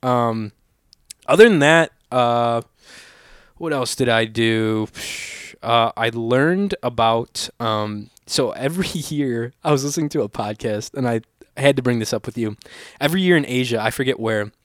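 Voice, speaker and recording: A man's voice: mid-range voice, measured pace, smooth, no echo, clean studio sound. A young man from California telling stories in casual chat and acting out the quotes in a raised voice. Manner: animated storyteller, acts out quotes in a raised voice. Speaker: podcast co-host.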